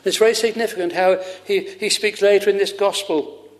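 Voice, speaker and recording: A man's voice: high voice, fairly even intonation, brisk, long reverb tail. A man preaching a sermon fervently, repeating his phrases for emphasis.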